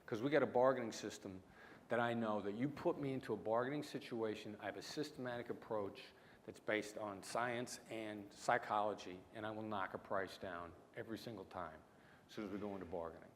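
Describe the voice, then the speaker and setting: A middle-aged man with a mix of small-town Midwestern and New York City accent, giving a punchy keynote with dramatic pauses. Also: lowish voice, fairly even intonation. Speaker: keynote speaker, negotiation expert. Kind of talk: conference keynote storytelling. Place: large lecture hall. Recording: hall reverb, faint room noise.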